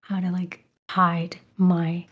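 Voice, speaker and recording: Soft whispering New York woman. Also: fairly low pitch, monotone, slow, slightly rough. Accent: neutralized New York. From Brooklyn, New York. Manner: soft whispered chat with frequent laughs. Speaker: guest ASMR creator. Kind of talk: whispered role-play.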